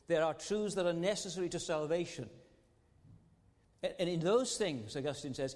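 Earnest preacher in an echoing church. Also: male voice, on the high side, moderate pace, pauses often, darkish tone. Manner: earnest, with frequent rhetorical tag questions. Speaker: pastor. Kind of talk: sermon. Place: large church sanctuary. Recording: long church hall reverb.

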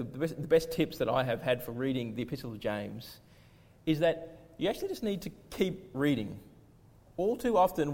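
A man preaching a sermon as pastor, earnest and slowing down to press key words. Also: on the high side. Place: church. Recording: long reverb of a church hall.

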